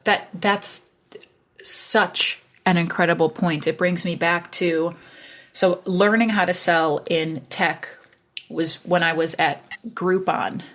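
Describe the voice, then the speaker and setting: A woman, a podcast guest, telling workplace stories in a lively, animated way and acting out both sides of old phone calls. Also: lowish voice, takes it slowly. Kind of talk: casual conversation.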